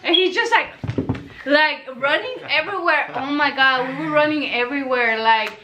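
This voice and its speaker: A young woman telling a funny personal story to camera in a casual, animated way, swearing freely and acting out what everyone said. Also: sits high, normal speed, low-quality recording. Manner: animated, swears freely, acts out quoted lines. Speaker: storytelling vlogger.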